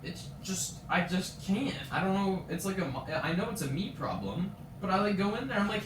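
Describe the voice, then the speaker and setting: A Canadian teenage boy streams a frustrated, swear-filled rant about his school, retelling scenes with quoted voices in casual stream chat. His high voice is very animated at normal speed with hardly any pauses, recorded distant from the mic with roomy echo and background noise.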